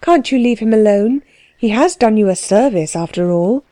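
A spirited young noblewoman speaks in a weary, tired way, as a woman reads her aloud. The voice is mellow and dry, set in an audiobook. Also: a little high, expressive, moderate pace, dry recording, lightly acted. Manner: weary, impulsive.

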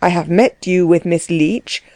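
A woman voicing a composed aristocratic landowner, speaking in a measured, coolly condescending way. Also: fairly low pitch, warm tone, no echo. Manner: cool, measured, dry.

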